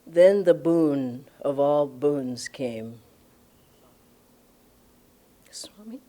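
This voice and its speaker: An older woman from Los Angeles, USA, works as a spiritual director and is giving a satsang talk built on personal storytelling. Her voice is deep and mellow, with lively intonation and a slow pace, and she tells her story enthusiastically, laughing often.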